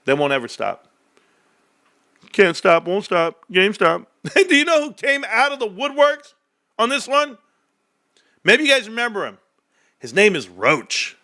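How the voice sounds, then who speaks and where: A man's voice: sing-song, unhurried, pauses often, sharp tone. A man streaming a casual rant about stocks, trash-talking with bursts of laughter and mock voices. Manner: brash trash-talking, swings between hyped and low muttering.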